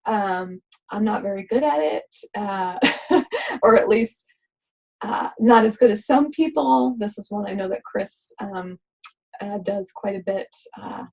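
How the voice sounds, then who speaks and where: A tired woman leading a laughter exercise vlog, talking in a gentle, chatty way with many ums and uhs. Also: mid-range voice, measured pace, creaky, slightly rough. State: tired, yawning. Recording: dull lo-fi recording.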